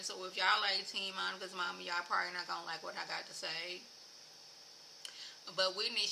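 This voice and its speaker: A woman recapping a reality show for her viewers in a chatty, opinionated way. She speaks straight to the audience and grows louder and higher when worked up. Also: a little hiss or hum, poor audio. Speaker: TV show reviewer. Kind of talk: casual recap commentary to viewers.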